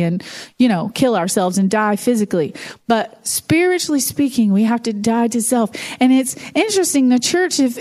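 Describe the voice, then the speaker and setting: A woman with a high voice preaches in a church. Her delivery is conversational and animated, full of casual asides and everyday fillers as she speaks to the congregation. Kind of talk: sermon.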